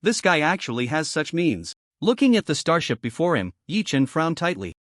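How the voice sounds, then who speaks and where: A man narrating a fantasy story recap in a steady scripted read, voicing the characters' quoted lines. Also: a little high, normal speed, no echo, studio quality.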